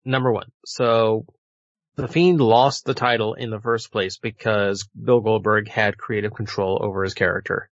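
A man's voice: on the low side, steady tone, moderate pace, no room sound. Wry, rambling man in a casual chat. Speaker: podcast co-host. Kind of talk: casual wrestling prediction chat. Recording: dull lo-fi audio.

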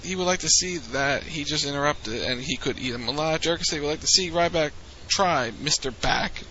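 Brief: rambling, chatty male co-host, very bright and forceful tone, lo-fi dull recording. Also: on the high side, fairly quick, slight background noise. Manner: rambling, chatty, with frequent restarts. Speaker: podcast co-host recapping wrestling. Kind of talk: casual recap chat.

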